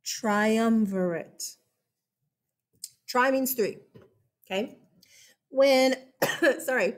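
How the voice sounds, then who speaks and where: A woman, giving a chatty classroom history lecture and often checking in with "okay?". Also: a little high. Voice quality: slight lisp. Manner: chatty, animated, keeps checking in with 'okay?'. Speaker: history teacher.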